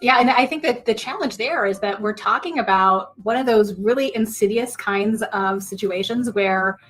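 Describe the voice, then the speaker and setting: Woman, analyst, measured and reflective, mid pitch. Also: fairly bright tone, soft background music, low-quality recording. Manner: measured, thoughtful. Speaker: industry analyst. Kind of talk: panel discussion.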